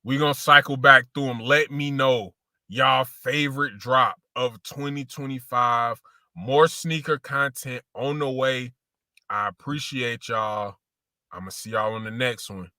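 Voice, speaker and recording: A man's voice: mid-range voice, measured pace, pushed and bright, dry recording, clean studio sound. A man hosting a casual sneaker show, talking slangy and loose, repeating phrases and calling his viewers y'all.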